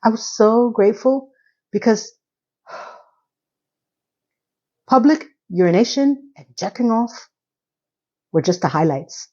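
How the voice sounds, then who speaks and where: A middle-aged woman, recapping a TV episode as a casual host. She is candid and animated and swears freely. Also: a little high, takes it slowly, long pauses. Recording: dull lo-fi sound.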